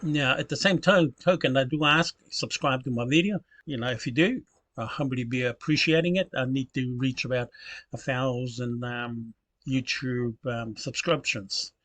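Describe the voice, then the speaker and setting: A man's voice: mid-range voice, moderate pace, a bit bright, no room sound. A man hosting his channel, talking casually through a screen recording with many fillers and self-corrections. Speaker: channel host.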